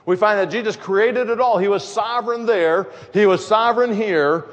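A man preaches in a slightly high-pitched voice, and a long reverb trails each phrase through the church. He keeps the sermon conversational and drifts into joking asides before finding his thread again. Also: normal speed, muffled recording. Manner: conversational, wandering into humorous asides. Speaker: pastor.

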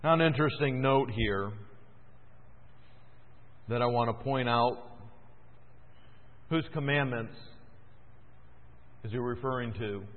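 A man preaching a sermon in a church, moving between loud, fervent emphasis and quiet, hushed stretches. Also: medium pitch, slow pace, long pauses. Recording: tinny echoey church recording.

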